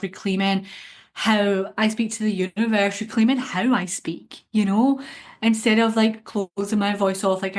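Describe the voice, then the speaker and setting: Earnest young woman sharing reflectively. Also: medium pitch. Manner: earnest, reflective, repeats phrases. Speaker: podcast co-host. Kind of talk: casual spiritual chat.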